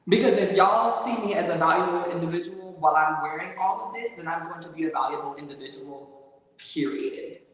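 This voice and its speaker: A woman host telling a story in casual chat, animated, emphatic and profane. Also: lowish voice, fairly quick. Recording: echoey room from far off.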